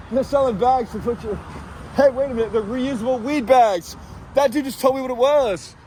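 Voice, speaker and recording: A high-voiced man rambles through a satirical street report, crude and deadpan. He is outdoors on a city street at night and talks into a handheld camera. Faint traffic hums behind him. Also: moderate pace. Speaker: street vlogger asking passers-by questions.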